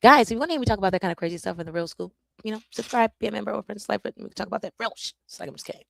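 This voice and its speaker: A woman content creator chatting casually and jokingly to her viewers on a live stream, animated and self-interrupting. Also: medium pitch, rapid-fire, vocal fry, dry recording.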